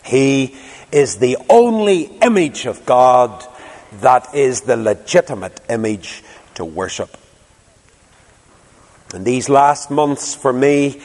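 A man's voice: mid-range voice, darkish tone, in a large hall. A man preaching a fervent sermon as a pastor in a church, pleading with his listeners. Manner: fervent, rising to impassioned pleading.

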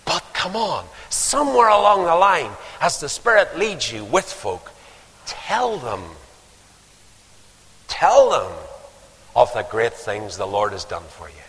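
A man's voice: medium pitch, lively intonation, moderate pace, gravelly, few pauses, a bit bright, husky. An older man preaching a sermon, telling stories and building to emphatic calls to action. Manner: storytelling, rising to emphatic exhortation. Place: church. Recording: long hall reverb.

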